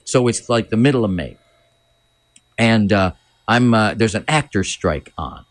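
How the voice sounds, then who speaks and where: A man's voice: fairly low pitch, lively intonation, unhurried, dry recording. A man in his sixties, a former entertainment reporter, telling an anecdote as a guest, laughing often and imitating voices. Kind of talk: casual storytelling.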